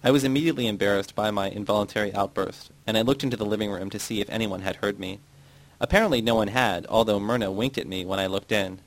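A man narrating a novel in a measured reading voice, giving the characters' quotes a light touch. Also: lowish voice, rough recording. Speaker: audiobook narrator. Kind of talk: scripted narration.

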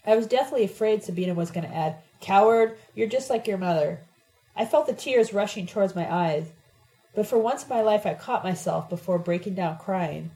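A woman's voice: medium pitch, brisk, mellow, poor audio. A woman narrating a novel in the first person, reading in an intimate, reflective way. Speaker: audiobook narrator.

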